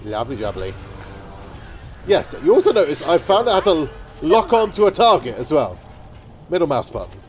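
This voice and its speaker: A man's voice: on the high side, wildly swooping pitch, moderate pace, pauses often, a little mellow, soft background music. A man giving casual, jokey let's-play commentary with playful asides.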